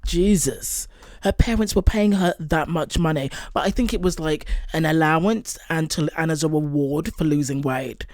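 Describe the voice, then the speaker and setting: A woman's voice: sits low, normal speed, a little mellow, no echo. A woman hosting a reaction channel, talking casually with lots of fillers and exasperated asides. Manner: exasperated, rambling with many fillers. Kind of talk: casual commentary.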